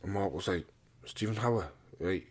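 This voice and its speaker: A young man with a fairly low voice speaks as an interview guest, a pro boxer telling his own story. He is blunt and swears freely, tripping over and repeating words and acting out the lines of the people around him. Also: normal speed, slight background noise.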